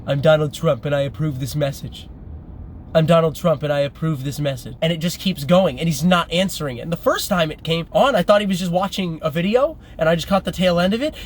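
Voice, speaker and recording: A chatty man recounts a story in casual vlog style, breaking into laughs as he talks. His voice sits a touch high, recorded in a car with a faint background hum. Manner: chatty, laughs while telling. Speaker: vlogger.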